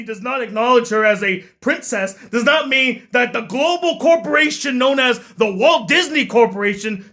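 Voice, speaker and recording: A man giving a profane, exasperated comedic movie rant as a film critic, often bursting into shouts. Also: very high-pitched.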